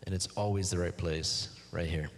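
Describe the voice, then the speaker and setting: A man's voice: sits low, fairly even intonation, normal speed, in a large hall, slight background noise. A man preaching a sermon as pastor, emphatic, asking the congregation rhetorical questions.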